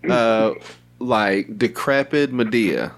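A man's voice: medium pitch, slow pace. A man in casual podcast conversation, swearing freely and laughing often while he tells stories. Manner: profane, laughs often, animated storytelling.

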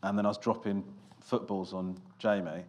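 A comedian in a casual interview, telling stories in a dry, self-mocking way with lots of "uh" and restarts. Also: male voice, fairly low pitch, fairly even intonation, normal speed, background noise. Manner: dry self-deprecating storytelling with fillers. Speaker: comedian guest.

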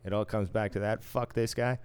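Low-voiced man, smooth tone, profane wry storyteller, casual chat. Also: steady tone, brisk, dry recording. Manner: profane, wry, acts out quoted exchanges. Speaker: casino floor supervisor.

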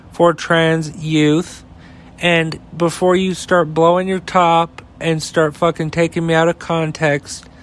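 Profane, slow-talking man ranting. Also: fairly high pitch. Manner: profane, heated and rambling. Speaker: podcast host. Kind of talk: opinion rant.

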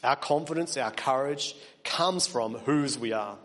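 A man delivers a sermon in a church hall, his mid-pitched voice carrying a long reverberant tail. He preaches earnestly, pushing up to emphatic peaks before dropping back quiet. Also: measured pace. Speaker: pastor.

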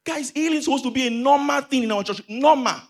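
High-voiced man preaching emphatically. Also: fast talker. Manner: emphatic, repeats phrases and asks the congregation rhetorical questions. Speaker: pastor. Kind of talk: sermon.

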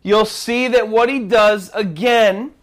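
Slow, emphatic male pastor preaching. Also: high-pitched. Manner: emphatic, swings from hushed to near shouting. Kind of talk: sermon.

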